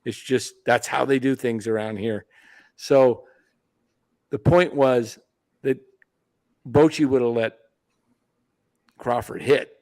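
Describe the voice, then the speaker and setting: A man's voice: medium pitch, steady tone, slow, long pauses, a little mellow. A man co-hosting a casual sports talk show, rambling and hesitant as he tells a story. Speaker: podcast co-host.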